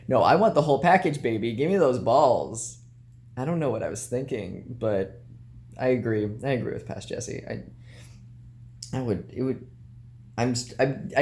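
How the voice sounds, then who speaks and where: A man's voice: medium pitch, vocal fry, darkish tone, husky. A tired young man in a hotel room, talking in a crude, joking vlog monologue and laughing often. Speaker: vlogger.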